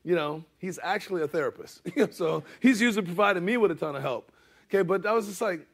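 Casual, high-voiced male pastor preaching. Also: animated, quick pace, vocal fry, breathy edge. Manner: conversational, uses "amen?" and "bro" asides. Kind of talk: sermon.

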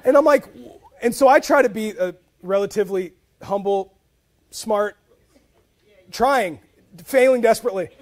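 A pastor, a man with a strikingly high voice, preaches a sermon in a loose, conversational way. He tells stories with humor and keeps restarting his thoughts. His volume swings from quiet asides to emphatic bursts. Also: moderate pace, pauses often. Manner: animated, swings between soft asides and loud emphatic bursts; conversational, with frequent "like" and repeated starts.

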